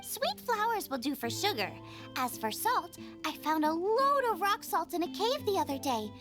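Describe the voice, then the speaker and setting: A woman's voice: extremely high pitch, sing-song, moderate pace, music in the background. A woman voicing a cheerful, food-obsessed young female chef in a game. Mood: eager. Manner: bubbly, eager, food-obsessed.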